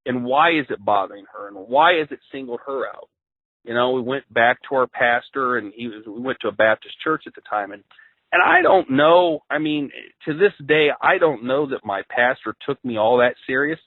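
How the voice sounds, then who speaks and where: A man's voice: medium pitch, animated, normal speed, dry recording. A man from Ohio earnestly recounting a frightening personal encounter as a guest, often stumbling and repeating words as he goes. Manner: earnest, repeats and restarts words when shaken. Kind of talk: first-person storytelling on a call-in show. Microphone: phone line. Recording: tinny dry phone line.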